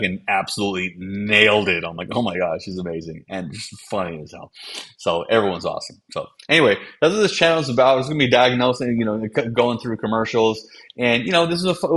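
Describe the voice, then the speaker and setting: A man's voice: deep voice, a bit bright. A man in his forties, an advertising copywriter, talking casually to camera and rambling from one thought to the next. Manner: rambling, jumps between thoughts. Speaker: advertising copywriter and channel host.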